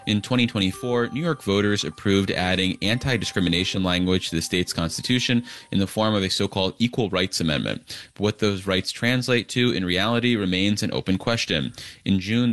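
Guy hosting a radio interview, lowish voice, dry studio sound, measured, some uhs. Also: fairly bright tone, no echo. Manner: measured, with fillers while framing long questions. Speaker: radio host.

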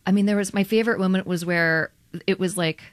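Speaking at medium pitch with no echo, a woman radio journalist gives an interview as a guest. She's chatty and animated, moves quickly, laughs often, and says "like" constantly.

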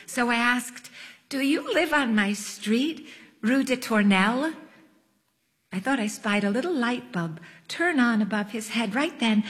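A woman narrating her memoir in a wry, literary, self-mocking manner. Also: medium pitch. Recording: long echoing reverb.

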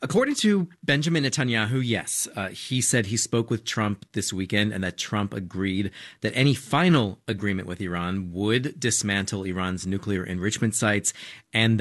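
A man reports as a news correspondent, his voice sitting low. He talks through the story in a measured, explanatory way, pausing on small fillers as he goes. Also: fairly bright tone. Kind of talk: conversational news debrief.

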